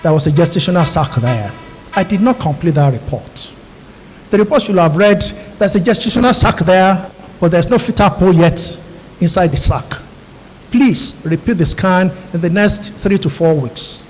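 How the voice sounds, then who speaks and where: A man's voice: on the high side, animated, normal speed, darkish tone, slightly rough. A middle-aged Nigerian man, a radiologist, giving an earnest storytelling speech to newly inducted doctors in an auditorium. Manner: earnest, storytelling, addresses audience directly. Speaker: guest speaker, radiologist. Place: large university auditorium. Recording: long hall reverb.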